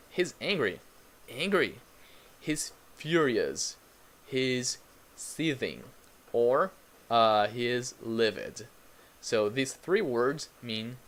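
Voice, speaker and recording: A man's voice: mid-range voice, fairly bright tone. A man teaching English in a live online lesson, patiently repeating words for learners and greeting viewers in the chat.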